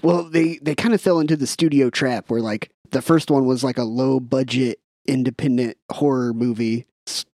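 A man's voice: medium pitch, moderate pace, hardly any pauses, no echo, clean studio sound. Casual man reading film trivia. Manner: relaxed, reads trivia aloud. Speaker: podcast co-host.

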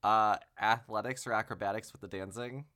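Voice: medium pitch, brisk. A game master running a tabletop game, narrating crowd reactions and asking for skill rolls. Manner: lively, laughing.

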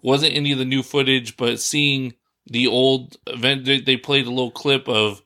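A man's voice: mid-range voice, steady tone, moderate pace, sharp tone. A man co-hosting a podcast, chatting casually in a rambling, laid-back way and laughing often. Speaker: podcast co-host. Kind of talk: casual chat.

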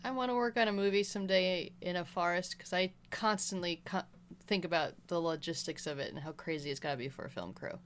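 A woman's voice: lowish voice, brisk, a little hiss or hum. A woman in a casual movie review chat, making dry, joking asides.

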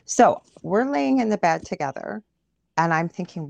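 A woman's voice: fairly low pitch, moderate pace, gravelly, no room sound. A woman from Canada, a guest medium, vividly recounting a story in a conversational interview. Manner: animated, vivid retelling.

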